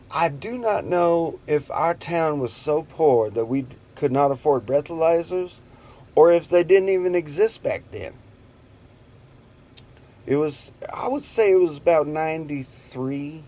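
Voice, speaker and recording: Slow, rambling man in his fifties. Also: on the high side, mellow. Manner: rambling, chuckling, slow-drawling storyteller. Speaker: vlogger. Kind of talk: casual storytelling.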